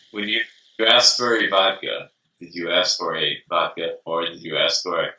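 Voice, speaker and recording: A man's voice: low-pitched, normal speed, distant mic. A man co-hosting a comedic beer tasting show, bantering and cracking jokes in casual chat. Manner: joking, animated banter. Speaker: co-host of a beer tasting web series. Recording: echoey room, voice away from the mic.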